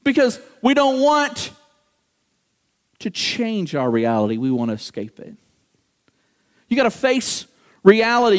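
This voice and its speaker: Man, high-pitched, preaching a sermon, animated, acts out voices. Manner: animated, acts out quoted voices, talks to congregation.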